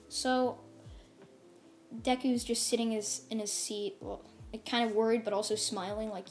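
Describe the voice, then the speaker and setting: A woman casually retelling a fan-made story, rambling along and filling her pauses with "like" and "um". Her voice sits slightly high. Faint music plays softly behind her. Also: fairly even intonation. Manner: rambling, heavy with fillers. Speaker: storyteller, channel host.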